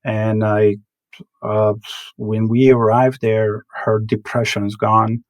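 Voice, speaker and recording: A man, telling his life story as a podcast guest in halting, earnest, English. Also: fairly low pitch, little pitch movement, no room sound, rough recording. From Afghanistan. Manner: halting non-native English with broken grammar, earnest. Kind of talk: personal life story in interview.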